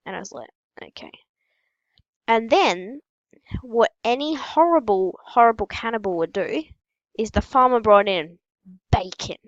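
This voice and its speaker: Deadpan girl rambling absurd stories. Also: on the high side, normal speed, no echo, dull audio. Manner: tells absurd made-up stories in a matter-of-fact, deadpan way. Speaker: gaming channel host. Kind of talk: casual rambling storytelling while opening packs.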